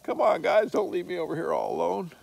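A man's voice: high-pitched, huge pitch swings, brisk, gravelly, darkish tone, breathy edge, pitched above the performer's own voice, exaggerated voice. A man voicing a lonely female dog on a tie-out who pleads not to be left alone. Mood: pleading.

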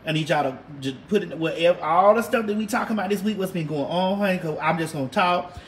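A woman's voice: fairly low pitch, fast, a little hiss or hum. A woman hosting a casual livestream and chatting with viewers in a brash, sassy, drawling way, with lots of cussing. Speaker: livestream host. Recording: roomy echo.

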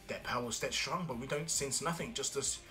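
A man's voice: mid-range voice, brisk, pushed and bright, faint music behind, close to an everyday voice, poor audio. A man voicing a proud, hot-headed male warrior rival in a casual fan story retelling, speaking in a brash, taunting way.

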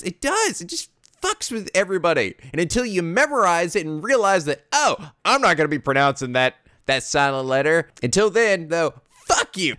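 A man's voice: medium pitch, a bit bright, no echo, clean studio sound. A man hosting a let's play, chatting casually over a game in a rambling, profane way. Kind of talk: casual gameplay commentary.

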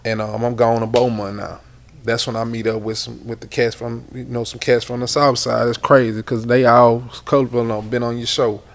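Middle-aged man, gravelly, animated storyteller, interview guest. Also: medium pitch, normal speed. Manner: loose and animated, repeats words.

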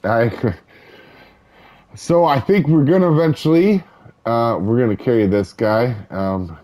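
Slow, low-voiced man doing gameplay commentary. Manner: relaxed, rambling, many ums and uhs. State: hiccups. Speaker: gaming channel host. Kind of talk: casual let's-play commentary.

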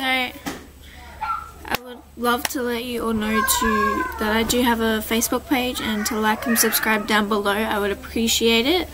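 A young woman with an Australian accent, chatting casually to camera in a rambling, giggly way with many fillers. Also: a little high. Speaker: vlogger. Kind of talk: casual vlog chat. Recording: faint background noise.

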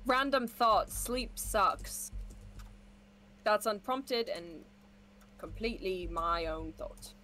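A woman's voice: mid-range voice, lively intonation, takes it slowly, long pauses, bright, forceful tone, faint music behind. A young adult woman streaming a game, chatting casually and goofing around with silly sound effects and jokes. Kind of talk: casual gaming chat.

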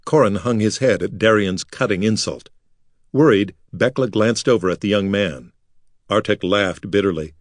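A man narrating a fantasy audiobook in a measured, dramatic way. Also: lowish voice, no room sound, studio quality. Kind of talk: scripted narration.

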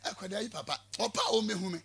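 A Ghanaian prophet being interviewed on the radio, a man with a Ghanaian accent who talks forcefully and repeats words to press his point. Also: high-pitched, fast, vocal fry, crowd noise. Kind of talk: radio interview in Twi mixed with English.

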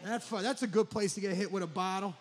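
High-voiced profane New comic. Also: male voice, background noise. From New Jersey. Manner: profane, rambling, rapid riffing. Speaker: stand-up comedian. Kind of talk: stand-up comedy set.

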